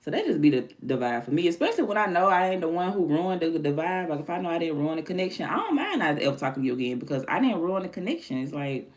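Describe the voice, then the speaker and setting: A woman's voice: fairly low pitch, very animated, fast talker, few pauses. A woman hosting her own stream, chatting candidly and animatedly in casual slang. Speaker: livestream host. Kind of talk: casual chat.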